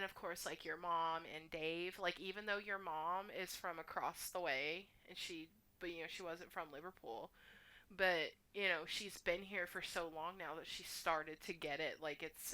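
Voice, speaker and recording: A woman's voice: fairly low pitch, fairly even intonation, sharp tone. A woman from the United States co-hosting a casual podcast, chatty and full of "like". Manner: chatty, full of "like" and quick laughs. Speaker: podcast co-host. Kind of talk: casual chat.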